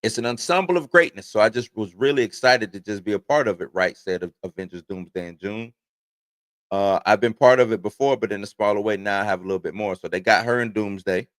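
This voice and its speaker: A man in his forties hosts a casual livestream, reading entertainment news aloud before rambling off into his own stories. His voice is fairly low and brisk, with no room sound.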